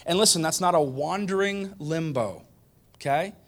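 Animated man preaching a sermon. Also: fairly high pitch, moderate pace. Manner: conversational, emphatic repetition, animated. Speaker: pastor.

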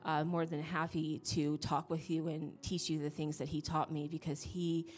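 A woman giving a church testimony, hesitant and emotional, with many pauses and fillers. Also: deep voice, level tone, a little mellow. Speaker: congregation member giving testimony.

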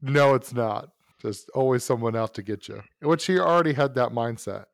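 A man's voice: medium pitch, moderate pace, gravelly, no echo, studio quality. A man telling a long personal anecdote in casual chat, rambling with asides and restarts. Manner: rambling, self-correcting anecdote with frequent asides. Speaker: podcast host telling a story. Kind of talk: casual storytelling.

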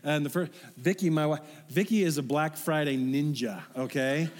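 A pastor preaching casually in a hall. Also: male voice, a little high, moderate pace, a little mellow. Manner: conversational, folksy, with asides to the congregation. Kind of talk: sermon. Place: church sanctuary. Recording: long hall reverb.

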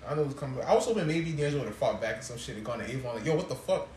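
A man co-hosting a podcast, chatting casually about TV shows in fast slang with lots of swearing. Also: medium pitch, expressive, a little mellow, roomy sound, slight background noise. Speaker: podcast co-host.

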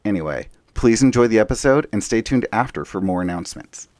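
A man's voice: fairly low pitch, lively intonation, a little fast, a little mellow. A man co-hosting a tabletop game podcast, giving friendly upbeat announcements and chatting casually. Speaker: podcast co-host. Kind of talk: podcast intro and casual chat.

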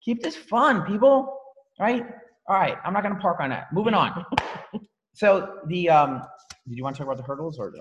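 A man leading a team training call, energetic and emphatic, repeating key phrases for effect. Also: high-pitched, normal speed, in a large hall, highs cut off, noisy background. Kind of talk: motivational training talk on a call.

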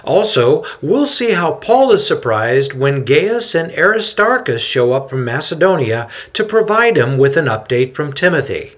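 A man hosting a podcast, narrating a story in an expressive, dramatic style. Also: a little high, a little slow, hardly any pauses. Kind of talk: scripted narration.

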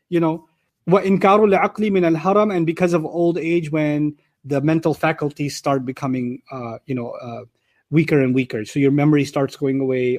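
Male Quran teacher, high voice, rapid delivery, reads Arabic terms and glosses them for students. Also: a little mellow. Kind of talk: explanatory lecture.

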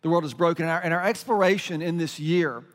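A man's voice: on the high side, fast, big-room sound. A middle-aged man, a pastor, giving a conversational sermon with self-deprecating stories and lots of fillers.

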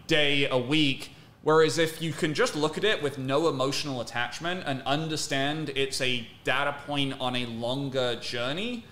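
A man's voice: mid-range voice, moderate pace, a bit bright, echoey room, slight background noise. A man who works as a fitness coach, guesting on a podcast and explaining with analogies and casual swearing.

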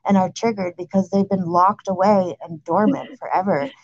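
A woman calmly and confidently explaining spiritual ideas in a casual conversation, speaking with assurance. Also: on the low side, normal speed, no room sound, dull audio. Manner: calm, assured, speaks of light codes. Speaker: spiritual guide.

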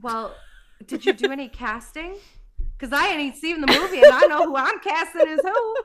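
Young woman co-host, blunt jokey banter, high and lively. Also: moderate pace. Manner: blunt, joking, swears. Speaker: podcast co-host. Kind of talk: casual chat.

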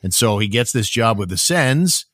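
A man's voice: medium pitch, lively intonation, moderate pace, a bit bright, no room sound, clean studio sound. A man co-hosting a podcast, chatting casually about hockey and musing aloud with frequent "like". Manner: conversational, musing with filler "like". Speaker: podcast co-host. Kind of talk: casual sports chat.

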